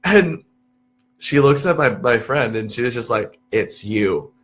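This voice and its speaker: A young man in his twenties from Texas chats casually as a podcast guest. He tells stories in an animated way, swears freely and tosses in "dude" at every turn, and his voice sits at an ordinary pitch for a man. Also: a little slow. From Texas, USA. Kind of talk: casual chat.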